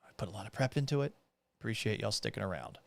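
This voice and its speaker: A man hosting a radio-style talk show, ranting loudly and profanely with exasperation. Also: on the low side, big pitch swings, fast, vocal fry. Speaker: radio broadcaster and show host. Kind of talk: loud ranting commentary.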